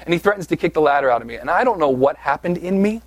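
A man's voice: a little high, lively intonation, rapid-fire, dry recording. A man from southeast Pennsylvania preaching a sermon, telling a personal story in a conversational, self-deprecating way with frequent "right?" asides. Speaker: pastor.

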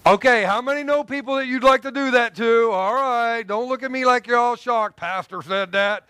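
A man preaching a sermon as pastor, lively and joking, swinging between loud emphasis and soft asides. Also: very high-pitched, fairly quick, smooth, no echo.

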